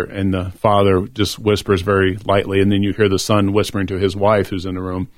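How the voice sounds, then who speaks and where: A man's voice: lowish voice, little pitch movement, normal speed, no echo. A middle-aged man talking earnestly and reflectively on a faith-based discussion show.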